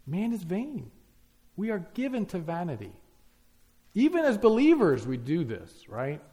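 Emphatic preacher man, fairly high voice. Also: wildly swooping pitch, measured pace, mellow. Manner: emphatic, repetitive lists, rhetorical questions. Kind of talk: sermon.

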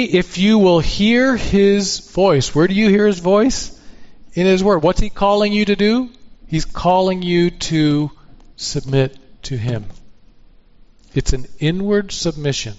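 A man's voice: fairly high pitch, lo-fi sound. A man preaching a sermon in an earnest tone, often asking rhetorical questions. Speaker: pastor.

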